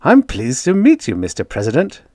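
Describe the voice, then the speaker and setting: Meek polite genius, man, earnest and apologetic, voice pitched up from the narrator's own, done by a male reader. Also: wildly swooping pitch, moderate pace, a little mellow, dry recording, clean studio sound.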